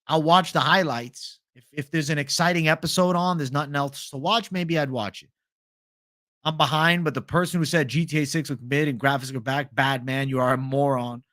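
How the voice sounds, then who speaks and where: A man's voice: a little high, steady tone, moderate pace, a bit bright. A young man hosting a casual livestream, swearing freely and reading viewer chat aloud. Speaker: livestream host.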